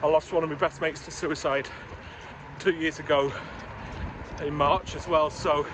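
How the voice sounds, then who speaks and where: A middle-aged man with a Geordie accent that drifts toward London, talking frankly to a body-worn camera as he runs along streets and a canal towpath. His voice sits a touch high for a man. City traffic and street sounds run clearly beneath his words. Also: steady tone, measured pace. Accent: Geordie mixed with London. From Newcastle, England. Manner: chatty, frank, talking while running. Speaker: running vlogger. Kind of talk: casual running vlog. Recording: clear urban background noise.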